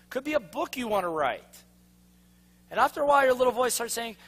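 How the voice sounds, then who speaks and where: A man giving an energetic motivational seminar talk, firing questions at a live audience and urging them to respond. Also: extremely high pitch, fairly quick, long pauses, breathy edge. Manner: energetic, punchy, constantly asks the audience to respond. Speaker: motivational speaker.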